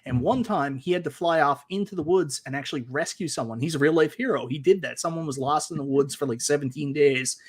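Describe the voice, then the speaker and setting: Trash-talking man, slightly high voice. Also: fairly quick, few pauses, breathy edge. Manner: playful trash talk. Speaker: co-host. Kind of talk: casual podcast banter.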